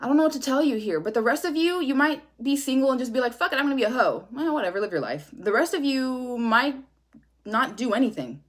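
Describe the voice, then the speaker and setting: A woman's voice: high-pitched, expressive, fairly quick. A woman giving a casual tarot reading, talking bluntly with lots of swearing and a sassy edge. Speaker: tarot reader.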